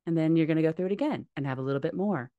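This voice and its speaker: A woman's voice: sits low, racing, no room sound, phone-quality sound. A woman talking as a podcast guest, candid and heartfelt, swearing casually. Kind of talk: candid conversational interview.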